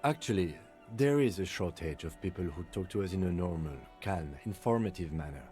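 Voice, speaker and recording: An actor playing a calm, methodical middle-aged police lieutenant who speaks in a measured, dry way, in a video game. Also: male voice, low-pitched, faint music behind. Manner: measured, dry, even-toned.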